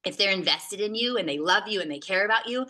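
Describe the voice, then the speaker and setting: A woman's voice: medium pitch, animated, fast talker, bright, forceful tone. A woman giving a recorded teaching presentation on classroom behavior, talking conversationally with frequent hesitations and filler sounds.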